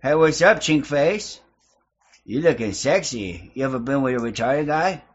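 A man hosts a prank video-chat stream, taunting and mocking strangers in a crude, provocative way during casual talk. His medium-pitched voice has lively intonation and a normal pace, heard through lo-fi online video-chat audio.

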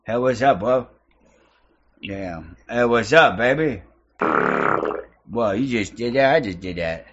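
Speaking slowly with frequent pauses, this man uses a mid-range, fairly bright and expressive voice to host a prank video-chat stream. He chats casually with strangers but taunts and mocks them crudely, and the online audio is lo-fi.

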